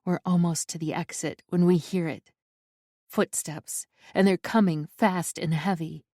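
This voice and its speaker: A woman narrating a first-person romance audiobook in an intimate, unhurried storytelling manner. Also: fairly low pitch, steady tone, warm tone, dry recording, studio quality.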